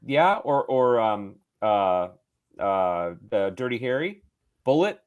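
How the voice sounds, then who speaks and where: A man's voice: medium pitch, sing-song, takes it slowly, a little mellow, clear, resonant tone, dull audio. Opinionated man reviewing movies. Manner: opinionated, rambling, playful. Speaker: podcast co-host. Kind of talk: casual movie review chat.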